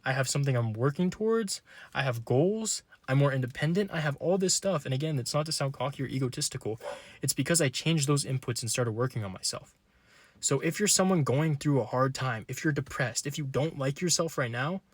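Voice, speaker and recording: A young man speaks straight to the camera in an earnest, personal motivational monologue, his voice close and dry with no room around it. He talks at an ordinary middle pitch and leans on repetition, pushing harder as he urges the listener on. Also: lively intonation, a little fast, dry recording. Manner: earnest, repetitive, building to urgent emphasis. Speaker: vlogger.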